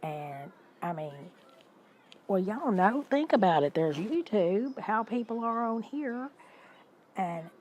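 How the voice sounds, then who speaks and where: A woman, hosting a livestream and telling stories in an animated, indignant way while talking to her viewers. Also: medium pitch, slow pace, rough recording. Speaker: livestream host. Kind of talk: casual storytelling to live chat.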